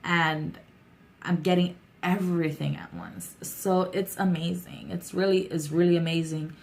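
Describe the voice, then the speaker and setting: A young adult woman talking candidly and warmly to her vlog viewers, with a chatty, heartfelt manner. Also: lowish voice, fairly even intonation, measured pace, vocal fry. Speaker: YouTuber. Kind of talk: casual vlog talk.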